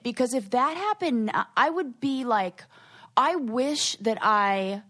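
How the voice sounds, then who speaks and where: A woman's voice: a little high, slow pace. Fired-up woman co-host in casual chat. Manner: animated, worked up, acts out quoted retorts. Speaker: podcast co-host.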